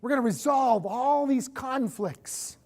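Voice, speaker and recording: Woman instructor, lively and emphatic lecture delivery. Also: measured pace. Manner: animated, emphatic, with big swings in pitch and loudness.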